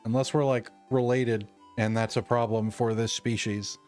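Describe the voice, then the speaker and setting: A man's voice: medium pitch, level tone, moderate pace, a little mellow, faint music behind. A man playing through a game, reading its text dramatically and joking in asides. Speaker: gamer. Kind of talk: game let's-play commentary and reading.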